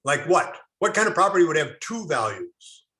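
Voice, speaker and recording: A man's voice: a little high, normal speed. A middle-aged man teaching a real estate class, telling folksy stories and speaking directly to his students. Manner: animated, folksy storyteller, addresses class directly.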